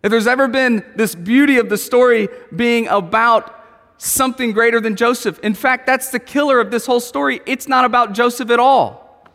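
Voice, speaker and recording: A man preaching a sermon in an animated way, asking his listeners questions and telling stories about his family. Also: extremely high pitch, moderate pace, long reverb tail. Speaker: pastor.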